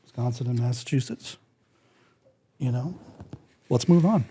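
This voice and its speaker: Husky man telling road stories. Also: mid-range voice, a little slow. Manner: animated, acts out other people's lines. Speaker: guest musician. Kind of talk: casual storytelling.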